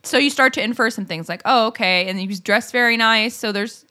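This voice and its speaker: Brief: young woman podcast co-host, bright and forceful voice, lively chatty storyteller who laughs easily and curses. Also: a little high, fairly quick. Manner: animated storyteller, laughs often, swears freely. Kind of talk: casual chat.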